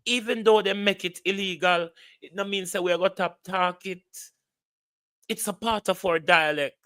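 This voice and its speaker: A man's voice: sits high, fairly even intonation, normal speed, sharp tone, clean tone, dry recording. A Jamaican man vlogging heated political commentary, ranting bluntly and swearing freely.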